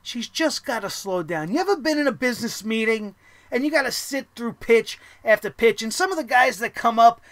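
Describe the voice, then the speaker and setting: A man's voice: very high voice, brisk, dry recording. A man hosting a wrestling review show, ranting heatedly and swearing often. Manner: profane, heated, animated ranting.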